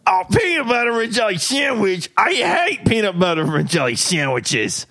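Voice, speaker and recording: A man voicing a grumpy, simple old male factory worker who whines in a high, drawn-out wail. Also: big pitch swings, sharp tone, heavily acted. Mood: grumbling.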